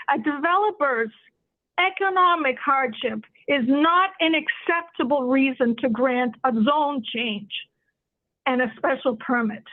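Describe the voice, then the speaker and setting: A woman resident giving emotional, insistent public comment at a city meeting, repeating herself as she goes. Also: sits high. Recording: tinny phone line.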